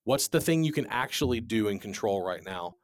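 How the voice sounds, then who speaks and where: A man's voice: fairly low pitch, lively intonation, a little fast, dry recording, clean studio sound. A man in his forties, a business owner, telling a candid story in an interview with emphatic restarts. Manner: earnest, repetitive restarts, emphatic.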